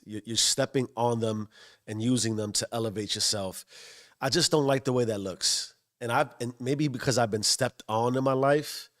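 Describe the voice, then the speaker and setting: A man's voice: medium pitch, dry recording, studio quality. A man in his forties from the South Bronx, musing aloud in an early-morning self-improvement vlog and calling his viewers his beautiful people. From South Bronx, New York. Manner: musing, repeats phrases, addresses viewers warmly. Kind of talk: early-morning reflective monologue.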